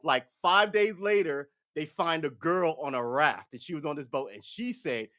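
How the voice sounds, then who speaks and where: A man's voice: a little high, expressive, moderate pace, a bit bright. A man giving a casual, opinionated live-stream monologue on current events, rambling and swearing as he goes. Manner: rambling, profane, mocks others with put-on voices. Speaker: live-stream political commentator.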